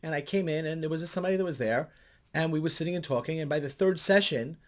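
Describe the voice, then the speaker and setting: Speaking quickly, a middle-aged counselor offers commentary for his vlog. His storytelling is lively, with his voice shooting upward in moments of excitement.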